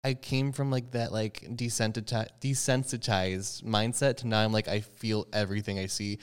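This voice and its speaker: A young man co-hosting a podcast, talking in an expressive, jokey way with dramatic asides. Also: on the low side, moderate pace, hardly any pauses, smooth. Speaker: podcast co-host. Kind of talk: casual chat.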